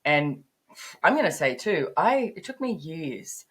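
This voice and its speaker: A woman in her fifties speaks in a low register, telling stories in a lively, animated way. Her voice climbs sharply on emphatic words, then settles back into relaxed interview conversation. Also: measured pace, slightly rough. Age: 50s. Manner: animated storytelling, rising to emphatic peaks. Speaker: podcast guest, business author.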